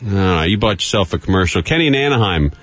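A radio host man runs a call-in show from the studio with brisk, dry wisecracks. His pitch swings a lot as he talks, and faint music sits under him. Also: animated, fairly bright tone, no room sound. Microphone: studio microphone.

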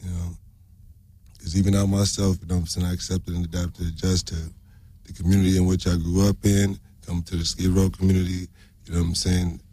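A man's voice: low-pitched, flat delivery, a little fast, warm tone. A man in a casual group discussion who talks in a laid-back way, uses plenty of fillers and asks probing questions. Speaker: discussion participant.

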